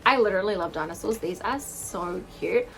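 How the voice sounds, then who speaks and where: A young woman in her twenties unboxing earrings on a casual vlog, gushing and gasping with excitement. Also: medium pitch, fairly quick, a little hiss or hum, low-quality recording. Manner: gushing, excitable, gasps and squeals often. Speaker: vlogger unboxing jewellery. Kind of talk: casual chat to camera.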